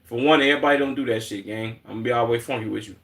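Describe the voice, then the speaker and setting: A man's voice: mid-range voice, racing, creaky, a bit bright. A man with a Chicago accent streaming and reacting to clips in blunt, slangy, heavily profane casual talk.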